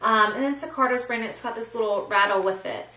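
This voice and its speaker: A woman's voice: on the high side, fast, sharp tone, echoey room. A pregnant woman chatting casually in a vlog, filling her talk with ums and little laughs, filmed on a camcorder in a small nursery room at home. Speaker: pregnancy vlogger. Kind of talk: casual chat. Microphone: handheld camcorder.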